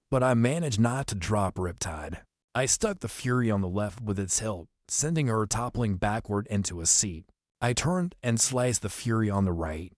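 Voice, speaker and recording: A man reading an adventure novel aloud as an audiobook narrator, telling the action briskly in the first person. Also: on the low side, darkish tone, no echo, studio quality. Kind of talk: scripted storybook narration.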